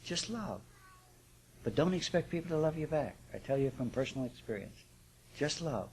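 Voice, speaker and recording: A man's voice: fairly high pitch, expressive, moderate pace, a little mellow, a little hiss or hum. A man giving a live spiritual class talk to an audience, speaking conversationally with rhetorical check-ins and chuckles. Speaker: spiritual teacher.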